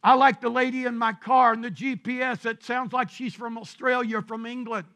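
A man preaching a sermon as pastor, shouting his points and drawing out scripture verses slowly. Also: extremely high pitch, level tone. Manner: preaching with shouted emphasis and drawn-out scripture reading.

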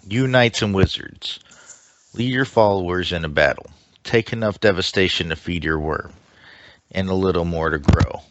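A man's voice: sits low, fairly bright tone, no echo. A man voicing a ruthless male alien king who lays down harsh law in a commanding, declaiming way. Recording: dull lo-fi mic with faint hiss.

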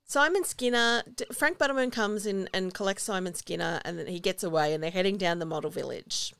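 A woman hosts a podcast and recaps a film with real enthusiasm. Her voice is smooth and clean, at a middling pitch. The recording is dry, with no room sound. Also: brisk, a bit bright, dry recording. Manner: chatty, enthusiastic, acts out quotes. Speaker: podcast host. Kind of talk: casual chat recapping a film.

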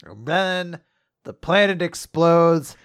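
A man's voice: a little high, expressive, clear, resonant tone, no room sound, clean studio sound. Man recapping with playful put-on voices. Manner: recaps the plot acting out character lines in quick voices. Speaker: podcast co-host recapping manga. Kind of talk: casual chat.

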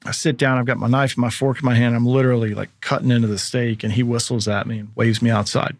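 A man's voice: mid-range voice, steady tone, quick pace, no echo. A man in his thirties, a former pro athlete as podcast guest, telling a long story casually and acting out the people he quotes.

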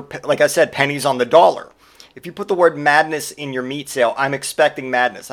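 A man's voice: a little high, fairly bright tone. A man in his forties hosting a podcast, delivering a sarcastic, profane comedic rant in casual monologue. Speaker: podcast host.

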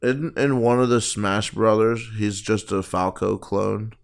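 A man's voice: lowish voice, fairly even intonation, measured pace, creaky. A man in casual podcast chat, curious and asking questions.

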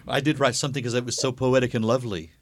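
A man's voice: mid-range voice, fairly even intonation, racing, a little hiss or hum. A man co-hosting a casual podcast, giggly and reading entries aloud with relish. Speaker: podcast co-host. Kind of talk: casual chat.

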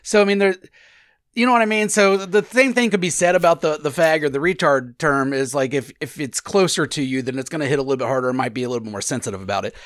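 A man's voice: a little high, quick pace, fairly bright tone, dry recording, clean studio sound. A man hosting a podcast in crude, casual banter, rambling with many restarts and lots of swearing. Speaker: podcast host.

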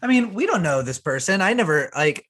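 A man's voice: high voice, big pitch swings, a bit bright. Laid-back swearing man in chat. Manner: laid-back, profane, quick to laugh. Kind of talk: casual chat.

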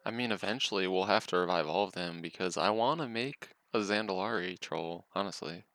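A man's voice: sits low, a little fast, fairly bright tone. A man co-hosting a casual gaming podcast in an easygoing way. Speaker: podcast co-host.

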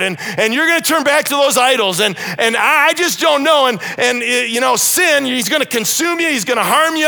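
A man's voice: extremely high pitch, gravelly, bright, forceful tone, voice pushed up, exaggerated voice, rough recording. A man voicing a frantic old male leader who fretfully warns a crowd, stammering and exaggerated. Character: agitated old male leader fretting loudly.

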